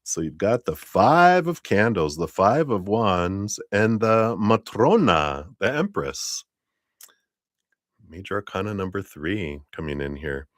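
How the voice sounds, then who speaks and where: A man giving a live-streamed tarot reading in a chatty, animated way, with frequent laughs and many fillers. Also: sits low, no echo, studio quality. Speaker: tarot reader.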